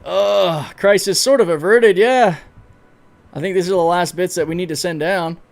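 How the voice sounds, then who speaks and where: Excitable, swearing male game streamer. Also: high-pitched, moderate pace, vocal fry. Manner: excitable, swears freely, talks to chat. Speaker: gaming livestreamer. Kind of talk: casual gameplay commentary.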